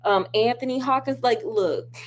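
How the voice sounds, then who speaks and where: A woman's voice: a little high, moderate pace, slight background noise. A woman chatting casually about a film with lots of asides, talking straight to her viewers while she does crafts at home. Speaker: film reviewer.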